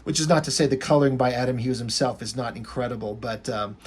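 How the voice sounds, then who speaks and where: A man's voice: medium pitch, fairly even intonation, fast talker, slightly rough. A man giving a casual, enthusiastic review of a comic book, rambling a little with fillers.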